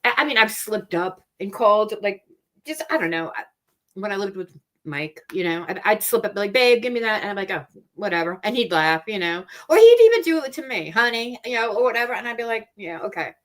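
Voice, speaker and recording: A woman's voice: mid-range voice, animated, brisk, fairly bright tone. A woman hosting a casual livestream chat from home, talking freely, laughing often and trailing off mid-thought. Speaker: livestream host.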